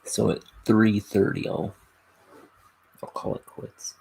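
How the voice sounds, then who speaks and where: Gravelly, husky man chatting while drawing. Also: fairly low pitch, level tone, slow pace, a little mellow, rough recording. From United States. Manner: rambling, self-talking, laid-back. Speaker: artist streaming while inking a graphic novel. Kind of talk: casual streaming chat.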